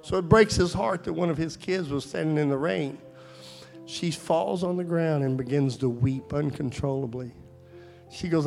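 A man's voice: on the high side, moderate pace, vocal fry, darkish tone, faint music behind. A man preaching a sermon at a church service, telling a story and then pleading fervently with his listeners.

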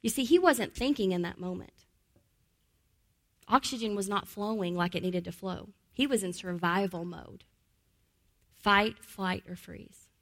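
A woman teaches trauma-informed care in a middle-pitched voice. She repeats key phrases for emphasis and often lowers into a calm, gentle tone to show how to soothe a child. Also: normal speed. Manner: drops to a calm, soft voice to model soothing words. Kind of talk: teaching talk.

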